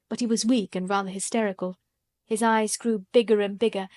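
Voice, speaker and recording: Female audiobook narrator, measured delivery, dry studio sound. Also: on the high side, fairly even intonation, a little mellow, no echo. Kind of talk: scripted narration.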